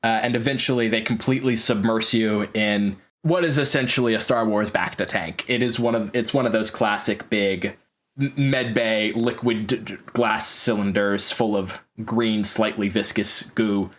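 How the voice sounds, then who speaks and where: A man's voice: fairly low pitch, steady tone, moderate pace, a bit bright. A young man narrating casually as game master of a tabletop game.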